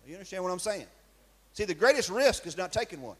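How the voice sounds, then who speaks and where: A man's voice: high voice, very animated, fast talker, a bit bright, husky. A man preaching a sermon in a church, emphatic and firing rhetorical questions at his congregation. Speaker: pastor.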